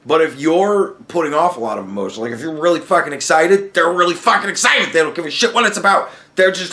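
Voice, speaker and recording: A man's voice: on the high side, lively intonation, quick pace, few pauses, sharp tone. A man hosting a casual solo podcast, rambling along with lots of swearing and laughing asides. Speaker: podcast host.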